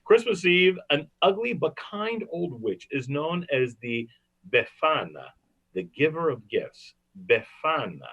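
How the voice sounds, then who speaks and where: A man's voice: a little high, sing-song, takes it slowly, slightly rough. A man hosting a comedy podcast, telling rambling jokey stories. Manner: joking, rambling storyteller. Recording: dull lo-fi recording.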